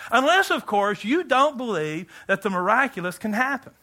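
A middle-aged male pastor preaching a sermon, animated and joking, swinging between loud outbursts and hushed asides. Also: high voice, normal speed, few pauses.

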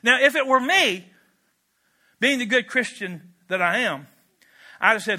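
High, bright-voiced preacher. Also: male voice, expressive, a little slow, long pauses. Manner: emphatic, storytelling, conversational asides. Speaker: pastor. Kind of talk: sermon.

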